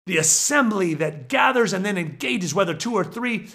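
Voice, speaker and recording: A man preaching with excitable energy, swinging from low murmurs to shouted exhortations. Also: normal speed, few pauses.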